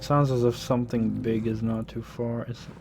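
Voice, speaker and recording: A man streaming a game, muttering and swearing as he thinks out loud about upgrades. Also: medium pitch, little pitch movement, moderate pace, over loud music. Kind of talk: casual gameplay commentary.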